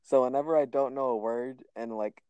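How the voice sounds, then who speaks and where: A young man tells stories in an easygoing, self-mocking way. His voice has a mellow, dark tone at an ordinary middle pitch. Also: steady tone, a little fast, clear, resonant tone, dry recording, highs cut off. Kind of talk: casual chat.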